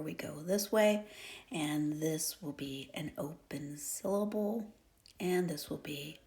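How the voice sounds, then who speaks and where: A woman's voice: low-pitched, a little mellow. A woman teaching a phonics lesson, explaining step by step in a patient manner that often drops to a half-whisper. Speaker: reading teacher.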